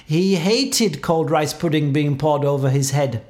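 A man reads a children's storybook aloud in a playful, expressive way. His voice sits a touch high, and he swings his pitch up and down to bring the scenes to life. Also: measured pace. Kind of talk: storybook read-aloud narration.

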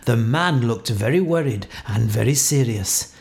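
A man reading a children's storybook aloud, expressive and playful. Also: unhurried, gravelly. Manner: expressive, playful, swings pitch for effect. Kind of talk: storybook read-aloud narration.

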